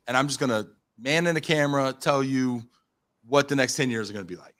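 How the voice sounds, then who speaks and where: A man in his thirties from the United States, telling a story as a podcast guest, animated and full of fillers, acting out his own quotes. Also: medium pitch, quick pace. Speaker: podcast guest, company founder. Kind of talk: casual storytelling in an interview.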